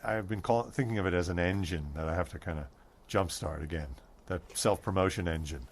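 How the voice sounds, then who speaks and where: A man's voice: low-pitched, brisk. A man being interviewed as a stand-up comedian, talking in a thoughtful way with restarts and dry humor. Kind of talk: casual interview chat.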